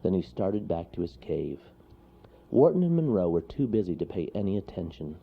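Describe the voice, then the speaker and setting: Gravelly man reading a storybook. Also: sits low, moderate pace. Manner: expressive. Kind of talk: reading a children's storybook aloud. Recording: lo-fi recording.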